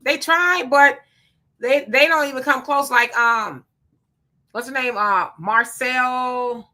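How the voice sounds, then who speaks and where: Woman livestreaming, bright sharp voice, greets folks by name and chats back at their comments. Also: high-pitched, slow pace. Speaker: livestream host reading viewer comments. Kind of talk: casual live-stream commentary.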